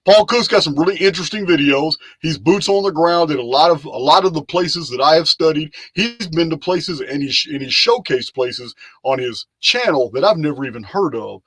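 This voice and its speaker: A man's voice: on the high side, expressive, moderate pace, hardly any pauses, a bit bright, breathy edge, no echo. A man hosting a casual live chat, loose and rambling, often repeating himself as he talks. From lives in Texas. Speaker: live stream host.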